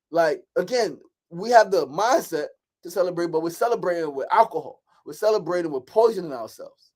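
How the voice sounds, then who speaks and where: Brief: male podcast host, high voice, repetitive and preachy delivery. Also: a little mellow. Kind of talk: motivational podcast monologue.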